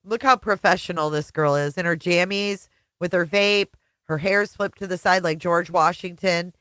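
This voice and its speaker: A woman's voice: fairly low pitch, moderate pace, a bit bright, smooth, no echo. A woman hosting a reaction commentary, talking sarcastically and laughing often. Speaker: commentary channel host.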